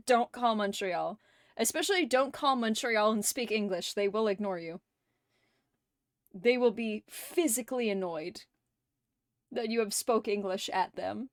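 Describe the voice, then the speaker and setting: Giggly high-voiced woman streamer. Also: a little slow, no room sound, studio quality. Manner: giggly, laughs often between lines. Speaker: livestream host. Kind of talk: casual chat reading viewer messages.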